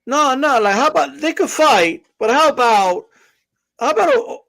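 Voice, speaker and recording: Podcast co-host, male, high voice, heated rant with restarts. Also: expressive, normal speed, creaky, a bit bright. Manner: fired up, profane, many restarts. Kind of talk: heated casual boxing talk.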